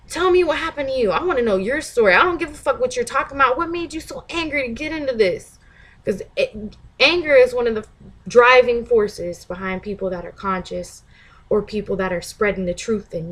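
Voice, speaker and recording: This vlogger, a woman with a medium-pitched voice, delivers a loose monologue directly to the camera. She swears bluntly, laughs a lot, and bursts into shouted mimicry of others.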